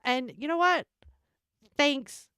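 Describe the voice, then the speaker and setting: A woman's voice: sits high, animated, slow pace, sharp tone, no echo. A woman streaming a game, chatting casually with her viewers, joking and laughing often, on a close desk microphone.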